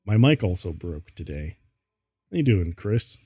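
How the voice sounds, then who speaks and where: A man's voice: low-pitched, sing-song, measured pace, dark tone, husky, no room sound. Giggly man reading fan fiction aloud. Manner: giggly, breaks up laughing. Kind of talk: casual comedic reading.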